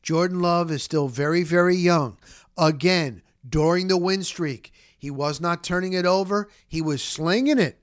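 Repetitive, animated sports-talk man. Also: high voice, moderate pace, no echo, clean studio sound. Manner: repeats words for emphasis, rambling. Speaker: sports podcast host. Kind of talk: casual sports talk monologue.

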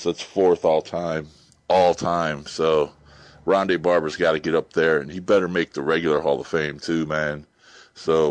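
A man's voice: extremely low pitch, darkish tone, no room sound. A man calling in to a sports podcast, laid-back and swearing freely about his team. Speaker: caller. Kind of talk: recorded call-in message.

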